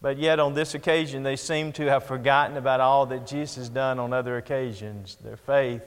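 A man's voice: medium pitch, fairly even intonation, a little fast, hardly any pauses, clear, resonant tone, big-room sound. A man preaching a sermon, reading scripture aloud and pressing hard on key phrases. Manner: Bible-reading, rising with emphasis on key phrases.

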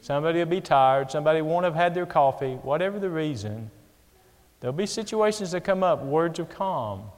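A man preaching a sermon, folksy and full of everyday examples, swinging between loud emphasis and hushed, soft passages. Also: a little high, animated, brisk. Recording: long hall reverb.

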